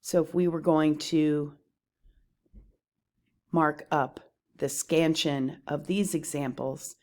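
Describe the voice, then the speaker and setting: Working from her slides, a low-voiced woman explains poetry terms one by one, slow and deliberate, with pauses as she defines each. Her tone is steady and a little mellow.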